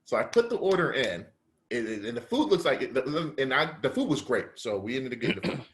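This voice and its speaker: A young man spins a story on a casual podcast, talking loose and full of slang. He jumps into other people's lines as he goes, and his voice sits at an ordinary middle pitch. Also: a little fast. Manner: animated storyteller, acts out dialogue, heavy slang. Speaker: podcast co-host.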